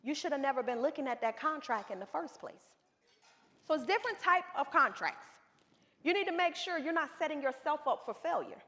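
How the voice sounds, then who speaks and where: A woman's voice: sits high, a little fast. A woman business coach giving a seminar talk, telling stories and speaking straight to the audience. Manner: animated storytelling, addresses the room directly. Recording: reverberant hall.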